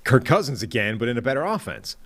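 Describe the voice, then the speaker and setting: A man's voice: mid-range voice, sing-song, fast talker, a bit bright. A man co-hosting a casual sports podcast, making dry, wry remarks. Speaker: podcast co-host.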